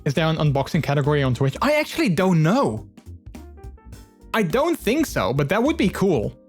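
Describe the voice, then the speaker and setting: A man's voice: on the high side, wildly swooping pitch, normal speed, faint music behind. A man streaming live, chatting with his viewers in a rambling, earnest way full of fillers. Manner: open and earnest. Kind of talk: casual live-stream chat.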